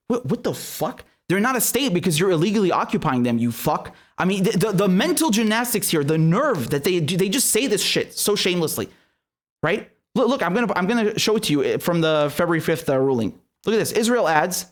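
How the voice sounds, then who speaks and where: Heated, profane man with a higher voice. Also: animated, moderate pace. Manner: heated, indignant, profane, frequent restarts. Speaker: political commentator. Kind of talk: unscripted political commentary monologue.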